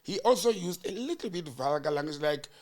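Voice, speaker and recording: Animated South African man retelling a hearing. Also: fairly high pitch, brisk. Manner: storytelling, acting out quoted exchanges with rising emphasis. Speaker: political commentator. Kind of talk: animated political chat recounting a hearing.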